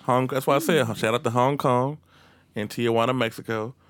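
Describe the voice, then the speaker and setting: A man hosting a casual podcast chat, cutting in with loud jokes and frequent laughter. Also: mid-range voice, steady tone, moderate pace, dry recording. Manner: loud joking interjections, laughs often.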